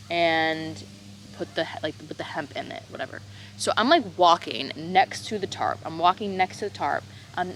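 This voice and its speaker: A woman's voice: on the low side, fairly bright tone, slight background noise, poor audio. A young woman in her twenties telling a personal story in casual storytime style, dramatic, swearing freely and filling her talk with "like". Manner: dramatic, heavy on "like" fillers and swearing.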